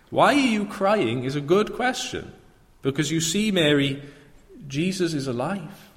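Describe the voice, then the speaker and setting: An earnest man preaches a sermon in a fairly high, expressive voice, a little slow, building to fervent proclamation. His words echo with a long reverb, as in a church hall.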